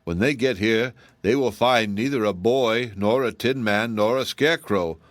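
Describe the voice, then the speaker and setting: A man voicing a cruel, scornful giantess sorceress in an audiobook, speaking slowly and mockingly. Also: on the low side, no echo, close to an everyday voice. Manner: slow, mocking and menacing.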